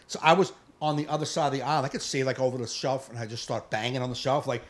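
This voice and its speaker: A man co-hosting a live podcast, ranting in casual chat, profane and fired up, with bursts of yelling. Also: medium pitch, fast talker. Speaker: podcast co-host.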